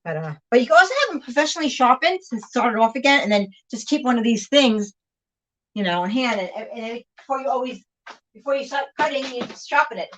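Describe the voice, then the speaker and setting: A woman with a slightly high voice talks fast and animatedly on a low-quality recording, using her device's mic and often drifting away from it. Hosting a livestream from her home kitchen, she chats casually with viewers while cooking and moving between rooms, rambling with lots of fillers and "hang on"s.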